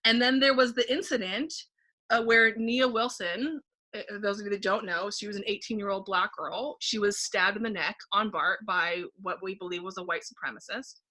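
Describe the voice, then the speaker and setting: A painting facilitator appears as a guest on a casual podcast, animatedly telling a personal story and voicing her own thoughts aloud, saying "like" often. She speaks at a moderate pace in a mid-range voice.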